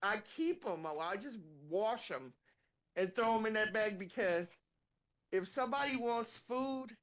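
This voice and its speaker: A woman co-hosting a casual chat, telling animated, profane stories and laughing through them. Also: a little high, unhurried.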